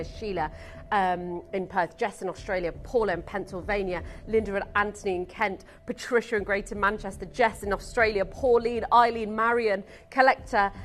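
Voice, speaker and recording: A woman presenting live on a shopping channel, gushing with excitement and rattling off buyers' names as she pitches. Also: slight background noise.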